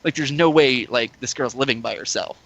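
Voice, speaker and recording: Bright-voiced man telling a rambling story. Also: mid-range voice, a little fast, creaky, highs cut off. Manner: rambling, lots of fillers and "like". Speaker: podcast regular. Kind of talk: casual storytelling chat.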